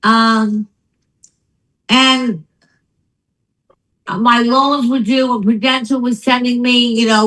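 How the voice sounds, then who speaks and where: A woman's voice: fairly high pitch, slow, pauses often, poor audio. An older woman telling her story as a guest in a casual conversation, acting out the people she quotes. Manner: animated storytelling, acts out quotes. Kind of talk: casual chat.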